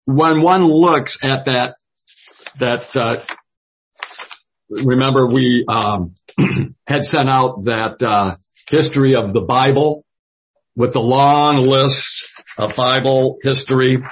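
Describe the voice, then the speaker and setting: A man leading a Bible study discussion, speaking slowly and haltingly with many fillers. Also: mid-range voice, a little hiss or hum. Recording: dull lo-fi audio.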